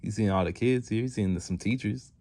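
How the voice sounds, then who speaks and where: A man with a low, deep voice talks through a story recap in a loose, rambling way. His speech is slangy and laid-back, and he keeps circling back with fillers and restarts. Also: brisk, warm tone. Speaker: channel host recapping a fan story.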